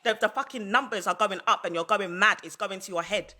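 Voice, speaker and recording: A woman's voice: medium pitch, fairly quick, pushed and bright. A woman ranting on a livestream, heated and repetitive, hammering her points over and over. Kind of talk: livestream rant.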